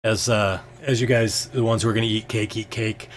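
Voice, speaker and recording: A man's voice: fairly low pitch, fairly even intonation, fairly quick, a little hiss or hum. Hesitant man narrating a tabletop game. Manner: hesitant, full of ums and restarts. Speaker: game master.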